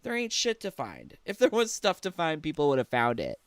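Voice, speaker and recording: A man's voice: fairly high pitch, wildly swooping pitch, a little fast, fairly bright tone, smooth, no echo. A man giving profane, mocking reaction commentary on a gaming video, laughing often and swearing freely.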